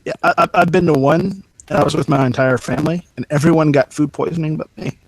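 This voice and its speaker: A man's voice: fairly high pitch, quick pace, no room sound, rough recording. A man chatting in an online voice lobby, joking and stumbling over the starts of his sentences. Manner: stammering restarts, joking. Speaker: voice chat participant. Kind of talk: casual chat.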